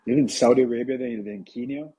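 A man in his forties chatting casually on a podcast, rambling and self-deprecating with halting restarts. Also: medium pitch, steady tone, warm tone, slightly rough. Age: 40s. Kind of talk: casual chat.

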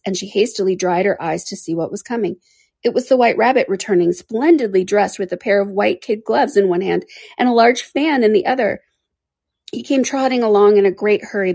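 Female narrator for a storybook reading, mid-pitched, measured, dry. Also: fairly even intonation, darkish tone, no room sound. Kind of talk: audiobook reading.

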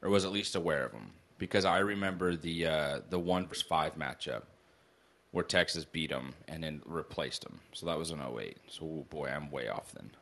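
A man's voice: a bass voice, expressive, moderate pace, a bit bright. A man co-hosting a podcast, talking college football bets in a laid-back way, chuckling and swearing casually. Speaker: podcast co-host. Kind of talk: casual sports betting chat.

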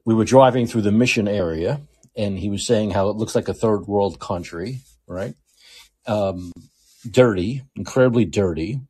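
Delivering a political monologue at normal speed, a New York-accented show host hammers home his points by repeating them emphatically. He has a fairly low, husky voice with a warm, dark tone, and his pitch rises and falls widely as he pushes each point.

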